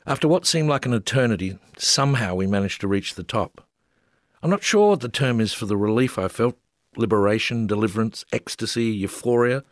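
A wry Australian man reads his own humorous travel memoir aloud in a somewhat low voice. His delivery is dry and self-mocking, and the recording is close and dead, with no room sound. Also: expressive, fairly quick, dry recording. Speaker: memoir narrator.

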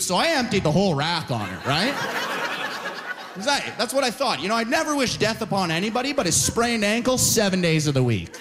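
A man performing a stand-up set at a live show, animated and tacking "right?" onto his lines while acting out characters. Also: high-pitched, slight background noise. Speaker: stand-up comedian.

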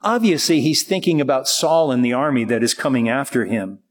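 A man preaching a sermon in an earnest, halting way, slowing down to read scripture aloud. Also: mid-range voice, expressive. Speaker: pastor. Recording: long hall reverb.

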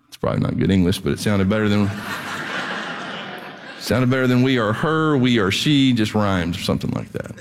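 Man, pastor, high voice, blunt and emphatic sermon, reverberant hall. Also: big pitch swings, measured pace, a little hiss or hum. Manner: conversational, emphatic preaching. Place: church hall.

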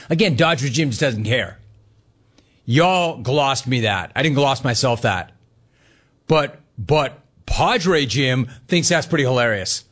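A man hosting sports talk radio, reading sponsor copy and riffing with animated, mocking commentary on a baseball blunder. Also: mid-range voice.

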